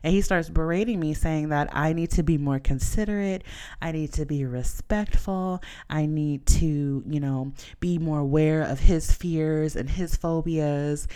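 Smooth-voiced woman telling a story. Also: low voice, unhurried. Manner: chatty, animated, heavy use of "like" and "you know". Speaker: podcast host. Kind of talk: casual storytelling monologue.

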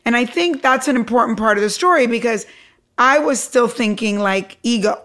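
A middle-aged woman from Cuba, a guest telling a lively story and acting out the other people in it. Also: fairly high pitch, normal speed. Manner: animated, acts out quoted voices.

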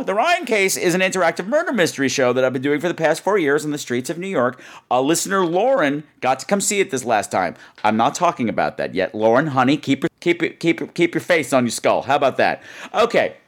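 A man hosting a podcast, telling comic stories in an animated way and jumping in and out of put-on voices. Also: medium pitch. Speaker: podcast host. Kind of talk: comedic storytelling monologue. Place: New York.

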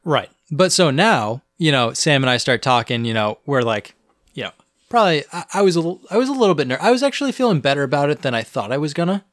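A man's voice: on the high side, fast, dry recording. Young guy cohosting a podcast, chatty storytelling, stumbles and restarts a lot, dry close mic. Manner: animated, restarts often. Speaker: podcast co-host. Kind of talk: casual storytelling chat. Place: Boston area.

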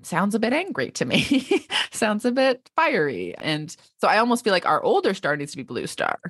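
A woman's voice: medium pitch, moderate pace, no echo, clean studio sound. A woman in her thirties co-hosting a podcast, chatting expressively and laughing often as she discusses a manuscript. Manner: expressive, lively, laughs often, reads quotes aloud. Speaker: podcast co-host and literary agent. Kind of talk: casual podcast chat.

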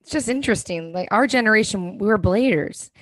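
Thirties woman, chatty gossipy co-host, medium pitch, dry room. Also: lively intonation, brisk, fairly bright tone, dry recording. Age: 30s. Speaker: podcast co-host. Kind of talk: casual chat.

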